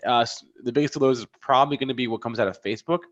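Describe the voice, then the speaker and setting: A man co-hosting a live trading show, reading earnings numbers with halting, filler-laden delivery. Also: mid-range voice. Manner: hesitant, many fillers, reads numbers. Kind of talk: live market talk. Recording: dull lo-fi sound.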